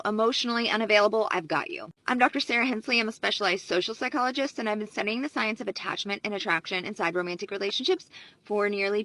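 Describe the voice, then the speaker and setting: Woman psychologist, assured explainer, bright tone, dry. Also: mid-range voice, no room sound, low-quality recording. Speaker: social psychologist. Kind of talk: advice video to camera.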